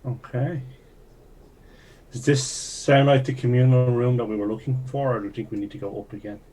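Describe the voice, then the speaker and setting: A man playing a tabletop game, speaking in character in a formal, measured way. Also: mid-range voice, flat delivery, mellow, poor audio. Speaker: player.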